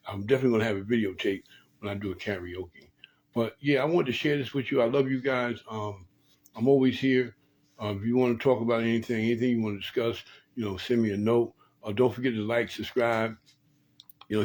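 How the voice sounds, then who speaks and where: A man's voice: medium pitch, slightly rough, rough recording. A man hosting a late-night talk, giving relationship advice in a preachy way, often repeating and restarting phrases. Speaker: host.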